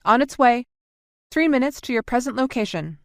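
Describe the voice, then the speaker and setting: A woman reading the part of a businesslike female military specialist who speaks crisply. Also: on the high side, expressive, moderate pace, dry recording, clean studio sound, pitched above the performer's own voice.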